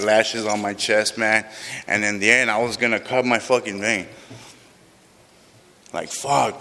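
This man's voice sits on the low side and has a sharp edge. He gives a raw, emotional recovery testimony to a group in a big room, cursing frequently, while the hall's long reverb lingers.

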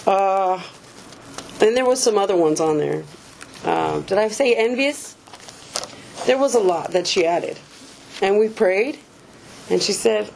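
A woman's voice: a little high, animated, measured pace, darkish tone, a little hiss or hum. A woman giving a personal recovery testimony in a candid, casual, self-mocking way, laughing often and swearing freely. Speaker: speaker sharing a recovery story.

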